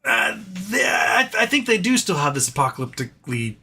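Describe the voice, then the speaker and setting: A man's voice: high voice, sing-song, fairly quick, gravelly, sharp tone, slight background noise. A man hosting a casual live stream, rambling and self-deprecating as he reads viewer chat, with sighs and the odd swear. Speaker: livestream host reading viewer chat.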